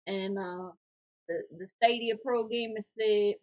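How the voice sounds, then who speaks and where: A woman co-hosting a casual podcast, reading viewer comments aloud in a jokey, animated way. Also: mid-range voice, a little slow, dull audio.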